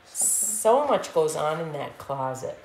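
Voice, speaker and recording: A woman reads a children's picture book aloud in an animated, playful storyteller's voice, slow and lilting, pitched a touch low. The sound is roomy and echoey with a faint hiss. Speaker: storytime host and mother.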